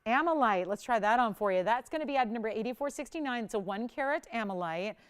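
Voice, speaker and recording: A woman's voice: a little high, animated, fast, clean tone. A woman hosting a live shopping broadcast, talking through jewelry deals in a chatty, upbeat sales patter. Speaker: shopping channel host. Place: TV studio.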